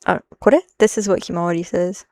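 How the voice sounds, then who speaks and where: A woman's voice: fairly low pitch, fairly even intonation, fast, a little mellow, no room sound, clean studio sound. A woman live-streaming as she translates a manga, thinking aloud in a rambling, self-interrupting way and dropping in Japanese phrases.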